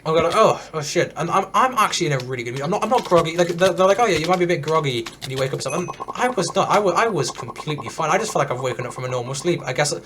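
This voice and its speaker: A teenage boy tells a story as he games, words tumbling out fast in a loose, rambling stream. He restarts his sentences often and leans on fillers. A faint hiss sits under his voice. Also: on the high side, expressive, fairly bright tone. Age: teens. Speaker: gaming streamer. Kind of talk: casual storytelling while gaming.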